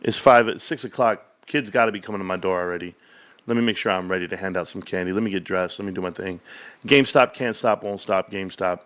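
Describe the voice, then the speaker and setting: A man's voice: deep voice, fast talker, a bit bright. A middle-aged man chatting casually with his livestream viewers, rambling and calling them bro. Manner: rambling, talks to viewers as bros. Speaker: stock market YouTuber.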